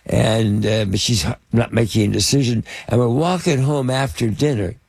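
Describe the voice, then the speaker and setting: A man's voice: mid-range voice, gravelly, darkish tone, slightly rough, dry recording. An older man, a film producer and actor, telling anecdotes in an interview with many fillers and restarts. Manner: halting, lots of fillers and restarts. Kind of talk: anecdotal storytelling in conversation.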